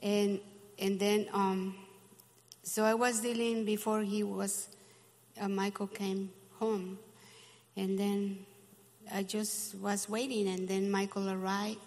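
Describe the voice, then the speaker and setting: An older woman recalling events in a hesitant, halting way, with many fillers. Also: mid-range voice, level tone, a little mellow, in a large hall. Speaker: guest. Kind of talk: casual recollection.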